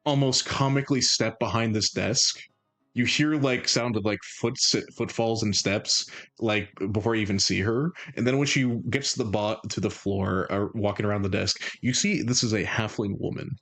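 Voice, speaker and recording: A man narrating a tabletop game as game master, in a halting way with many restarts. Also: on the low side, fairly bright tone.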